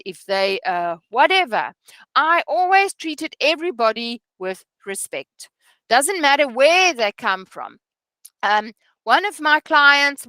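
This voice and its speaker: Lady giving a training talk, bright clear voice, dry close sound, lots of okays. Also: a little high, dry recording. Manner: earnest, repeats "okay?" often, stumbles and restarts. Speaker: real estate trainer. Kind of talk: training session lecture.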